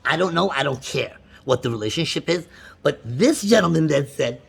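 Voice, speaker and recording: A man's voice: on the high side, very animated, fairly quick, gravelly, breathy edge. A man on a phone call, complaining at length about a bank with frustrated, repetitive restarts and sudden outbursts. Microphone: phone call recording.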